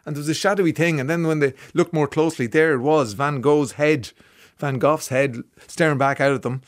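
An Irish man hosting a radio show in casual chat, enthusiastic and chatty, often pausing on "um" and restarting his sentences. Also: fairly high pitch, fairly even intonation, no echo, clean studio sound. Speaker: radio host. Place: radio studio. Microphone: studio microphone.

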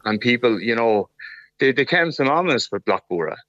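A man's voice: mid-range voice, animated, brisk, a bit bright, dry recording, highs cut off. An Irish man speaking as a guest in casual, rambling conversation, full of "you know". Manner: conversational, lots of you-knows.

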